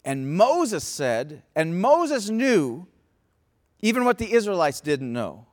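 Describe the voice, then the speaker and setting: A man preaching a sermon, passionate, moving from hushed tones to shouting. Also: high voice, sing-song, slow pace. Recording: long reverb in a large hall.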